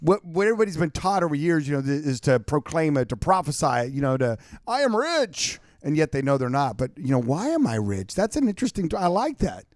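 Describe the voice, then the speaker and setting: A man's voice: on the high side, animated, fast talker, hardly any pauses, darkish tone, dry recording, clean studio sound. A man hosting a podcast, playful and joking with his co-host. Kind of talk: casual chat.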